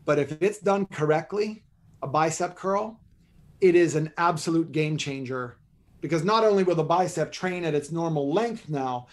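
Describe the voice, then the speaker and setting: A man as a podcast guest, explaining posture and exercise in an animated, joking coaching style. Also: on the high side, normal speed. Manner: animated, joking, teaches by demonstration. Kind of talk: energetic coaching talk.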